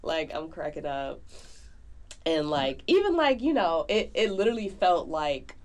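Woman co-host, slightly low voice; casual, animated movie-review chatter. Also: a little slow. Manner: chatty, animated, lots of fillers. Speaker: podcast co-host.

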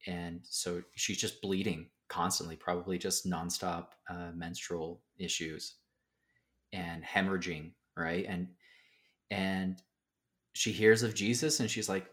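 A young adult man with a fairly low voice talks as a podcast guest. He tells stories casually, with plenty of "um"s, and brings each scene alive by acting out the lines. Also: unhurried. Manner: animated storyteller who acts out quotes. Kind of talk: casual storytelling in a podcast interview.

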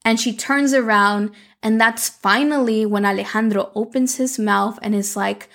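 A woman hosting a podcast, recapping a story in a chatty, expressive way and slipping in Spanish words. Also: on the high side, moderate pace. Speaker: podcast host.

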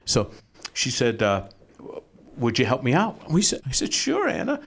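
Middle-aged man, pastor, storytelling testimony, animated, mid-pitched voice. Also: husky. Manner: animated storyteller, quick asides.

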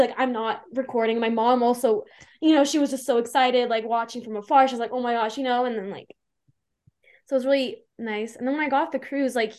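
A young adult woman telling an excited fan story in casual chat, full of "like" and quoted reactions. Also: a little high. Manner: gushing, filler-heavy with "like". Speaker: fan guest.

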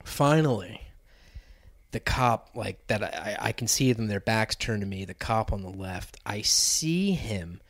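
A man recounting a wild story in casual chat, swearing freely and breaking into laughter. His voice swings widely in pitch and sounds dry and close to the mic. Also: a little slow, no echo. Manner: animated, profane, laughing often.

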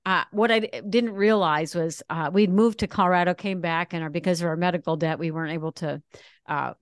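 A woman's voice: lowish voice, brisk, smooth, no room sound. A middle-aged woman, an interview guest, telling her own story frankly and acting out the people she quotes. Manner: frank and confessional, acts out quoted dialogue. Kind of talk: candid personal storytelling.

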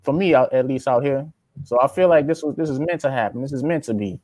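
A man's voice: medium pitch, fast, darkish tone, dry recording. A young man with a Louisiana accent, chatting casually as an interviewee, laid-back and drawling, often calling the listener man or brother. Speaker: interviewee, aspiring rapper.

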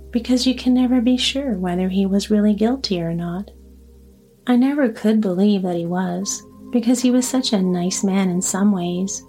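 A woman's voice: medium pitch, mellow, lightly acted. A woman voicing a talkative, anxious old grandmother in a storybook reading. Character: chatty fussy old grandmother.

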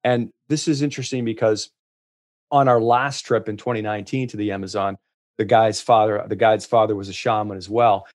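A man telling travel stories as a guest in casual chat, restarting often and getting lively in the punchlines. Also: lowish voice, fairly quick. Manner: animated storyteller, many restarts.

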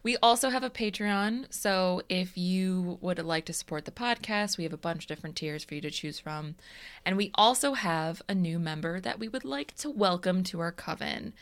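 A woman co-hosting a casual podcast, teasing and quick to laugh. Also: fairly low pitch. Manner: lively, teasing, laughs often. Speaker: podcast co-host.

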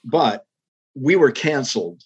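A man's voice: mid-range voice, very animated, slow, slightly rough, lo-fi sound. An older man, a former public television executive, telling stories in an interview with earnest, reflective emphasis. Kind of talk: storytelling interview.

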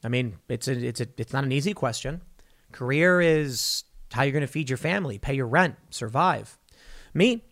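A man's voice: medium pitch, animated, normal speed, a bit bright. A man giving opinionated political commentary, emphatic, firing rhetorical questions and mocking the people he quotes.

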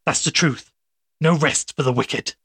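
A man's voice: on the high side, measured pace, a bit bright, breathy edge, dry recording, clean studio sound. A man doing a coaxing, domineering doctor. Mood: persuasive. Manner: persuasive, coaxing. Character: smooth, domineering male doctor.

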